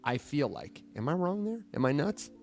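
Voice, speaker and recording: A man's voice: fairly high pitch, very animated, moderate pace, creaky, a little mellow, faint music behind. A man co-hosting a morning show, musing aloud and asking rhetorical questions in casual chat.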